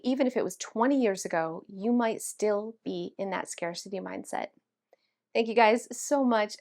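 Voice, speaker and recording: A woman, a vlog host telling a story to camera in an animated, dramatic way and acting out the quotes. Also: on the high side.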